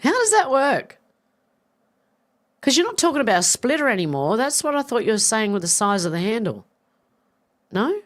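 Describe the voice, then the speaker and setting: A woman's voice: mid-range voice, very animated, brisk. Chatty woman in her fifties. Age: 50s. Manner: chatty, swearing, laughing and confused over a joke. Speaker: livestream host reading chat. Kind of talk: casual live chat.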